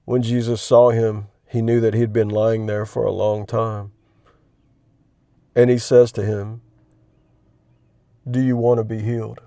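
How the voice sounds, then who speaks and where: Gravelly man sharing raw faith reflections. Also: fairly low pitch, little pitch movement, mellow, dry recording. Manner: candid, halting, restarts often, gets worked up. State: chronic pain. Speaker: Christian video host. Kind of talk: emotional personal reflection.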